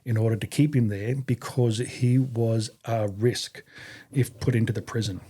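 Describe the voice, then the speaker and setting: A man's voice: mid-range voice, fairly even intonation, moderate pace, mellow, slightly rough. A man in his fifties with an Australian accent, an army veteran guest telling stories casually, rambling with fillers and casual swearing. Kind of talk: casual storytelling in an interview.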